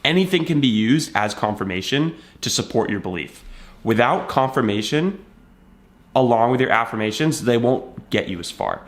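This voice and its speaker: A man's voice: mid-range voice, lively intonation, normal speed. A man giving a casual motivational talk to camera, telling a story and acting out bits of dialogue in a conversational way. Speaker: self-help video creator.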